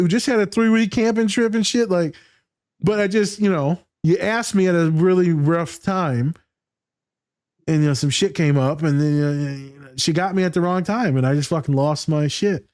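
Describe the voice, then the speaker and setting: High-voiced joking podcast host. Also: male voice, normal speed, a little mellow. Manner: profane, joking, candid. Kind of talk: casual podcast chat.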